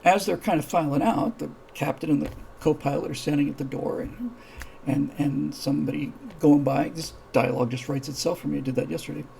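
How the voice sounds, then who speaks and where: Hosting a live-streamed show, a man tells a story casually and rambles, restarting often and acting out the characters' dialogue. His voice is fairly high, fairly quick, gravelly and mellow. The recording is low quality with slight background noise.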